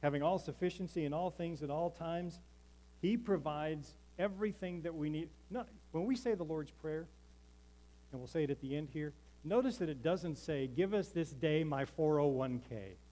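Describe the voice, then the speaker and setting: A man's voice: fairly high pitch, moderate pace, dark tone, rough recording. Emphatic preaching pastor, man. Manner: emphatic preaching, calls for congregation response. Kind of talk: sermon. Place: church sanctuary.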